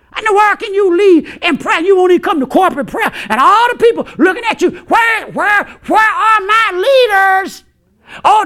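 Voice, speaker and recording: A pastor preaching an impassioned, colloquial sermon, shouting in bursts and chuckling between points. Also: male voice, extremely high pitch, creaky. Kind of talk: fiery sermon.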